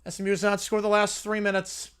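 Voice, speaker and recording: A man hosting a live-stream, giving play-by-play reaction commentary with a strained, cracking voice. He rushes excitedly through the big plays and drops into quiet, low asides to answer chat. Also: clear, resonant tone.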